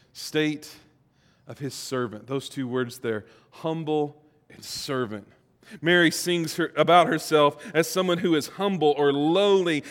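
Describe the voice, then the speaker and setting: A man preaching a sermon as pastor, swinging between loud, emphatic passages and quiet, reflective ones, acting out quoted lines. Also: fairly high pitch, in a large hall.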